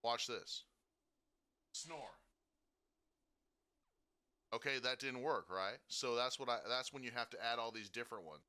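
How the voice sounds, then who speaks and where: A man giving a casual software tutorial, talking through each step and checking in with frequent "okay?" and "right?". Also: mid-range voice, brisk, hardly any pauses, clean tone. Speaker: streaming tutorial host.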